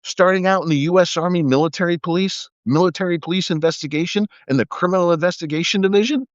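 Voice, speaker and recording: A man's voice: high-pitched, fast, no echo. A middle-aged man and former police officer hosting a live video, delivering a profane, sarcastic political rant. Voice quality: profane, sarcastic, mocking put-on voices. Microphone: phone or webcam on a live video. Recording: dull dry sound.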